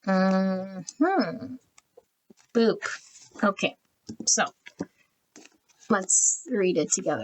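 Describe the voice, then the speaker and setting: A woman giving a pick-a-card tarot reading, talking quietly and evenly and reading card meanings as lists of words. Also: very slow, pauses often, low-quality recording. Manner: quiet, even and low-key, trying not to be loud early in the morning. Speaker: tarot reader.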